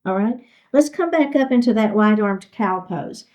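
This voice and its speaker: A woman's voice: mid-range voice, animated, normal speed, darkish tone, muffled recording. A woman teaching a chair yoga class, giving encouraging step-by-step cues for each move. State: a little out of breath. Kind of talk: guided fitness class instruction.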